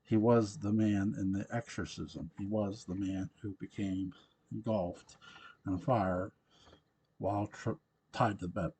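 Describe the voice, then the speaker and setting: A man narrating a novel aloud in a steady, unhurried reading voice. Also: on the low side, a little hiss or hum, poor audio.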